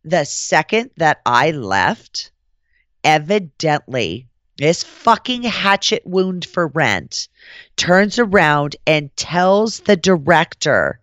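Her voice is low-pitched and her pace slow. Hosting a podcast, she recounts a story in casual conversation, swearing and staying animated while imitating the people she quotes, all in a dry recording.

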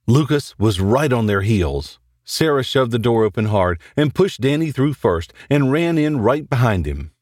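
A man hosting and narrating a horror story in a dramatic, animated reading. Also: medium pitch, no echo, clean studio sound. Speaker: host and narrator.

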